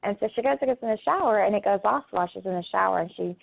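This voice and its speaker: A woman's voice: medium pitch, very fast, gravelly. A middle-aged woman talking as a guest in a casual interview over a phone call, speaking hesitantly with many filler sounds. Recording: tinny phone line.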